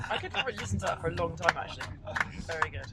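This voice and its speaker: A man's voice: fairly high pitch, racing. A man bantering playfully with bandmates on a tour bus, eager to try out accents. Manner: playful, excitable, trying out a Yorkshire accent. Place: inside a moving tour bus. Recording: noisy bus interior.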